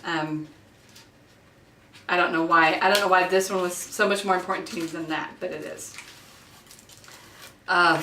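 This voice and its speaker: A woman in her thirties who has children, excitedly unboxing makeup in a casual vlog recorded in her bathroom, gushing with lots of fillers. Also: on the low side, slight background noise. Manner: giddy and gushing, with many fillers. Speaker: beauty vlogger. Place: home bathroom. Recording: echoey bathroom, mic a bit far off.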